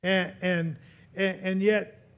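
High-voiced male preacher telling a story. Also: little pitch movement, slow, a bit bright. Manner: storytelling, chuckling at his own jokes, frequent restarts. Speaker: pastor. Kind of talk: sermon with personal story.

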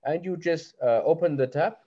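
A man's voice: on the high side, breathy edge, voice pushed up. A man voicing a tall, winged fae waitress who speaks with polite, formal courtesy, heard over a lo-fi video call. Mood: courteous. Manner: politely formal, unhurried hostess.

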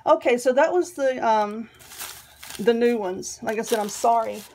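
A woman's voice: on the high side, unhurried, a little mellow, slight background noise. A woman with a Southern US accent, chatting casually and rambling while showing her mail, often giggling. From Southern United States. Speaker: vlogger.

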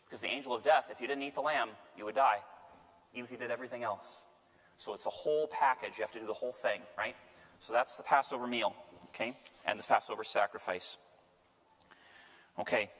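A man's voice: medium pitch, fairly quick, pauses often, fairly bright tone. Guy priest teaching bible class, chatty, keeps saying right?, big hall reverb. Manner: conversational, checks in with "right?". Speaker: priest lecturer. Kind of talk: Bible study lecture. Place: parish lecture room.

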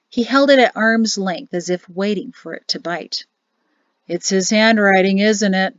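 A woman's voice: on the low side, dry recording. Woman reading a storybook in a closet. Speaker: teacher reading an audiobook. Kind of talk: storybook narration. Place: home closet. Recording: dull lo-fi, dry closet sound.

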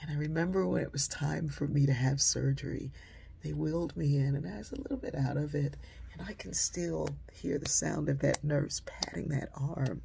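A woman telling a personal story in a conversational way, dropping into a hush when she quotes people. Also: low-pitched, normal speed, vocal fry, husky.

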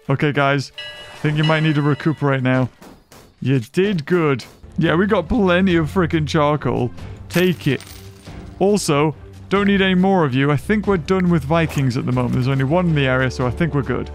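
A man hosting a game playthrough, excitable and chatty, cheering on his game characters and laughing as he plays. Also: on the high side. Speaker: gaming channel host. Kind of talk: let's play commentary.

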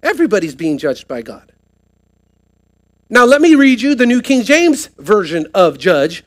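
High-voiced preaching pastor. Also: male voice, sing-song, unhurried. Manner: preaching with rising emphasis, asking the congregation questions. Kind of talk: sermon. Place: church sanctuary, live service.

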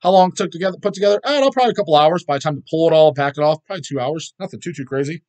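A man's voice: on the high side, rapid-fire, a little mellow. A middle-aged man chatting casually as a vlog host, rambling and swearing constantly as he answers viewer questions.

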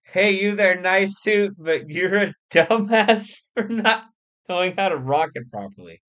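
A man's voice: sits high, animated, measured pace, a bit bright, voice pushed up. A man doing a giddy boastful celebrity rapper. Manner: cheerful insulting swagger, breaking into laughter.

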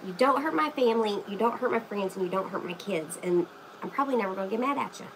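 A woman's voice: medium pitch, expressive, fast talker, fairly bright tone, a little hiss or hum, poor audio. A woman hosting a casual live craft stream, chatting to viewers by name while she paints. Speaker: craft livestream host.

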